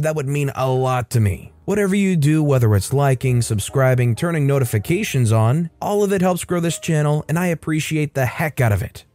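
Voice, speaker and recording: A man hosting a storytime channel, reading a story aloud in a measured, even way. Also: medium pitch.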